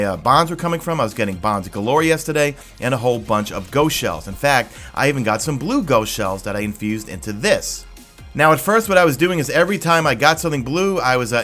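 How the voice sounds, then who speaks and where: A male gaming YouTuber talks viewers through a game in a casual, rambling way, excited and full of quick asides. His voice sits at an ordinary mid pitch. Faint music plays underneath. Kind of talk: casual gameplay guide commentary.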